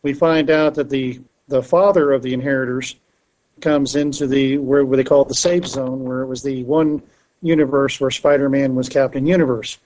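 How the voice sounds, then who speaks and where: A man's voice: medium pitch, fairly even intonation, normal speed, a little mellow, rough recording. Rambling man recapping comics. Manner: rambling, with frequent fillers and restarts. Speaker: podcast co-host. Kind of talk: casual comic book review chat.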